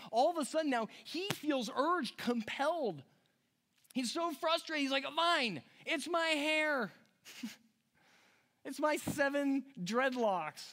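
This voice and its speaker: A middle-aged man preaching a sermon, animated and jokey, acting out characters in quick asides. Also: very high-pitched. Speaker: pastor.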